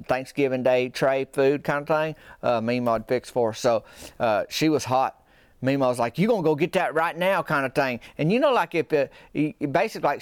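A man rambles through a comic tale in loose folksy dialect. His voice is smooth and resonant, recorded dry and close with no room sound. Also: medium pitch, no room sound. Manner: rambling folksy yarn-spinning with dialect grammar. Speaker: storyteller. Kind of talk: comic storytelling monologue.

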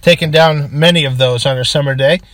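Brisk and fairly bright, this Boston-accented co-host from Massachusetts keeps his fairly high voice steady. He chats casually on a beer podcast and reads the ad segments.

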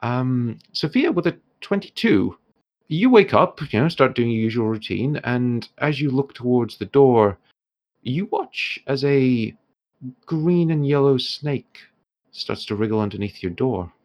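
A man narrating a tabletop game as game master, lively and laughing often, with many fillers. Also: medium pitch, a little slow, highs cut off.

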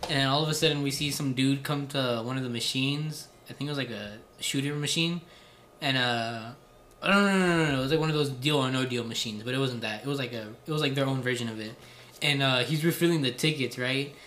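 A young man from Southern California tells a story to his friends in an animated, laughing way. His voice sits in the middle range for a man, and a light hiss of background noise sits under it. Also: mid-range voice, fast talker. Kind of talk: casual storytelling among friends.

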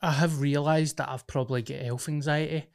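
A man's voice: a little high, fairly even intonation, a little fast, creaky. A young Glaswegian man co-hosting a podcast, chatting casually with sweary banter and laughter while he has a cold. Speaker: podcast co-host. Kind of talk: casual chat.

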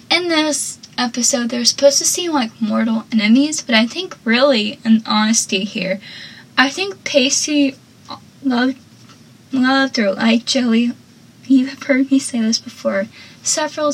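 A young woman talks through a TV scene in casual fan commentary, rambling happily with plenty of "like". Her voice sits on the higher side and has a soft, breathy edge. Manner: chatty, gushing, heavy use of "like".

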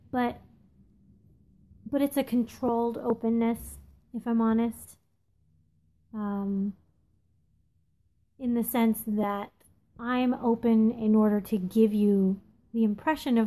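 Woman, 30s, slightly high voice, candid solo podcast musing, halting and unpolished. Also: warm tone. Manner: candid, confessional, halting with many ums. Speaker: podcast host. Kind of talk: casual reflective monologue. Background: phone texting interruptions.

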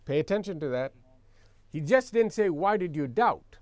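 A man's voice: high voice, expressive, moderate pace, darkish tone, dry recording. A man preaching a sermon as pastor, reading scripture aloud and explaining it with emphatic repetition, leading the congregation in call-and-response.

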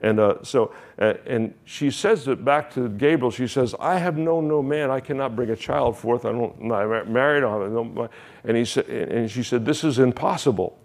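A man's voice: medium pitch, moderate pace. A man, a pastor, preaching a sermon with emphatic, repeated phrases and rising questions.

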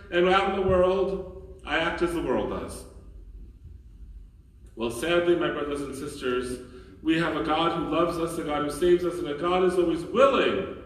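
Priest preaching in an echoey church. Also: male voice, high voice, distant mic. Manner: earnest, questioning, emphatic with dramatic pauses. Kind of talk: sermon. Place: large church.

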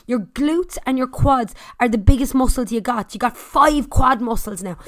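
A woman coaching a spin class, counting down intervals, shouting encouragement and cracking jokes. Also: a little high, moderate pace. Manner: jokey, swears casually.

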